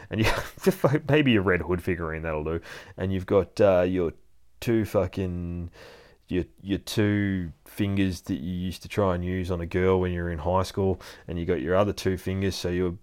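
Low-voiced guy swearing his way through a comic recap, gets all worked up and laughs a lot. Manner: profane and excitable, laughs often. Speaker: comic book reviewer. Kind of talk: casual comic book recap.

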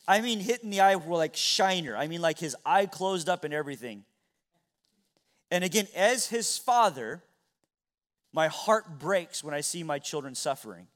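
A middle-aged pastor with a notably high voice preaches earnestly from the pulpit in a church sanctuary. He swings between near-whispered passages and ringing, raised exclamations, and it sounds like a sermon delivered in church.

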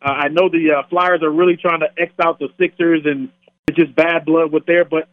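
A man guest on a sports radio show, talking in a relaxed, rambling way with many fillers over the phone. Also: a little high, fairly quick, no echo. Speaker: guest on sports radio, former football player. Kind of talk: casual phone interview. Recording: tinny phone line.

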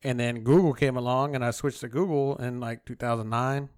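A man's voice: medium pitch, brisk, clean tone, no echo, studio quality. A man co-hosting a podcast, telling a story in casual chat and acting out both sides of a phone call, swearing freely. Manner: profane, animated retelling with quoted dialogue. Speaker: podcast co-host.

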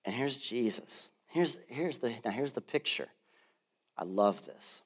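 Pastor guy in his 30s, church sermon, starts low and chatty then gets loud and fired up. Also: animated, unhurried, breathy edge. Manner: builds from soft storytelling to loud passionate preaching. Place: church sanctuary.

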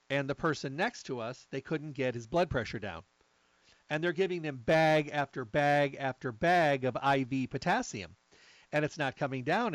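A middle-aged man hosting a supplement talk, telling stories in a chatty, lively way. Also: medium pitch, no echo, rough recording. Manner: chatty storyteller, lively asides. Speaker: health supplement talk host. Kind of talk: casual monologue.

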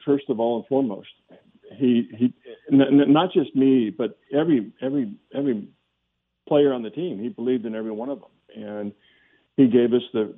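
An older man, a former pro football player, recalling a lesson from his coach in a halting, reflective way with many restarts. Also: medium pitch. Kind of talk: storytelling in a phone interview. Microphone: phone. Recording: phone line.

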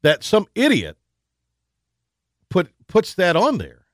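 The voice is high-pitched, male and studio quality, with no room sound. He hosts a sports talk radio program, trading lively jokes with his co-host and restarting sentences often in a casual chat.

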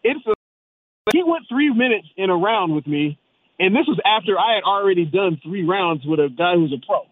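Rambling caller-in guest, man, high voice, tinny dry phone line. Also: lively intonation, moderate pace, slight background noise. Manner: rambling, storytelling. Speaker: guest amateur boxer. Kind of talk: casual chat.

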